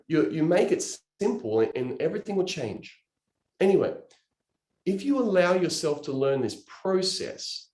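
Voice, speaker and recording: A man's voice: mid-range voice, darkish tone, reverberant. A man giving an earnest, emotional motivational talk on sales and recruiting, gesturing with his hands as he explains. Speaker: network marketing trainer.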